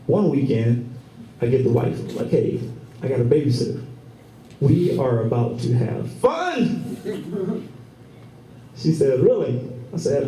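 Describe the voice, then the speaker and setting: A man in his thirties doing a profane, animated stand-up set, acting out the people in his stories. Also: medium pitch, measured pace, long pauses. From Michigan, US. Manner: profane, animated storytelling with acted-out quotes. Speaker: stand-up comedian. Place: comedy club stage with laughing audience. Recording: roomy club recording from far off, crowd laughter.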